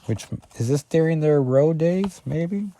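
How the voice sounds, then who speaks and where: A man's voice: a little high, unhurried, mellow, a little hiss or hum. A man casually talking through a comic book issue as a reviewer, rambling and correcting himself often with lots of fillers.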